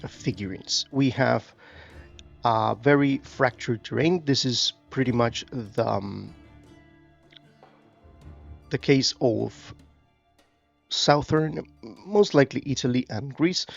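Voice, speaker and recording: A man with a gravelly, middle-pitched voice talks through a strategy game tutorial, reading the on-screen text and then loosely commenting with hesitations. The recording is a bit dull and lo-fi, with faint game music underneath. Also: takes it slowly, long pauses. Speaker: gaming YouTuber. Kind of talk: casual gameplay commentary.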